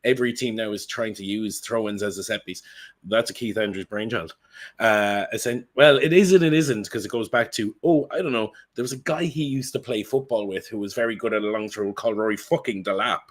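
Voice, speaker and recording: A man co-hosting a football podcast, talking in an animated, rambling way and swearing freely. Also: lowish voice, fairly quick. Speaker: podcast co-host. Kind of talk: casual football chat.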